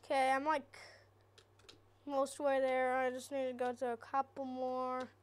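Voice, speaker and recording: A woman's voice: high-pitched, monotone, measured pace, clear, resonant tone. A woman hosting a gaming channel, giving nervous, chatty let's-play commentary on a horror game and talking to her viewers.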